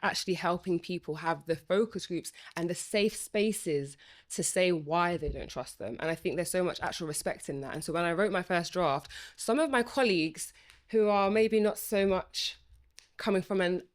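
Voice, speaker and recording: Her voice sits on the low side and moves at normal speed. A woman who stammers and once was a student, now employed in Parliament, talks passionately in a casual podcast conversation, thinking aloud with many restarts and fillers.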